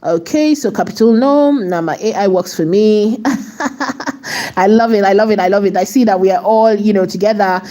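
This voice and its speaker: A woman's voice: mid-range voice, brisk, few pauses, warm tone. A woman hosting a live tutorial, chatting to her viewers as she walks through steps and often checking in with "right?". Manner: chatty, often asks "right?" and talks to the chat. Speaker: AI video tutorial host.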